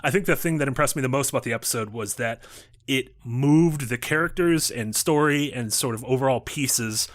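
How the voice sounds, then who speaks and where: Man, show host, mid-pitched voice, upbeat, conversational. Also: normal speed. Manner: upbeat, conversational, introduces and steers the talk. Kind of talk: casual panel discussion.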